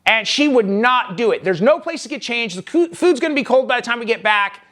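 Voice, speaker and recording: A man's voice: extremely high pitch, expressive, brisk, fairly bright tone. A man telling a personal story in a vlog, rambling and emphatic with frequent restarts. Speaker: vlogger.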